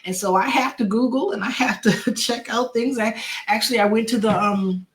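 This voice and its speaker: A woman's voice: on the high side, normal speed. Grieving woman talking from the heart, emotional, repeats herself, lots of ums. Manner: heartfelt, repeats words, many fillers. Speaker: podcast host. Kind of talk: personal talk on grief.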